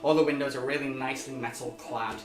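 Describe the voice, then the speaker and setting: A man's voice: medium pitch, fairly even intonation, quick pace. A man running a tabletop game as game master, narrating in a rambling way with frequent fillers. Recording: roomy, with music behind.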